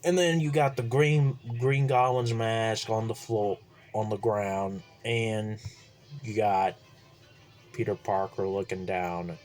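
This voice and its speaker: A man recapping a movie plot casually, rambling and halting with lots of fillers. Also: lowish voice, steady tone, darkish tone, soft background music. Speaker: movie reviewer.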